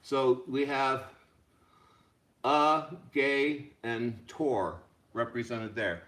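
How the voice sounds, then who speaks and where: A man teaching a rhythm lesson as a music teacher, chanting rhythm syllables over and over in a steady beat. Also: medium pitch, takes it slowly. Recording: echoey room.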